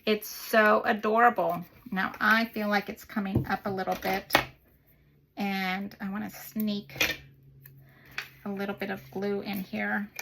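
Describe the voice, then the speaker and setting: Bright-voiced chatty craft host, woman. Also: mid-range voice, flat delivery, a little slow, vocal fry, a little hiss or hum. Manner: chatty, gushing over small details. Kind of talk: casual craft demonstration.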